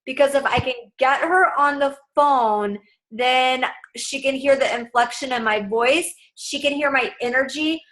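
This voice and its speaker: A woman's voice: sits high, unhurried, fairly bright tone, poor audio. A young adult woman coaching her sales team in a casual, upbeat, direct way.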